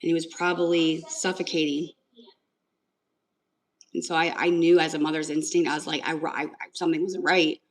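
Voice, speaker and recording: A woman's voice: low-pitched, level tone, normal speed, pauses often, poor audio. A young woman talking casually on a livestream, telling a story in an emotional, rambling way with lots of fillers. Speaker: livestream host.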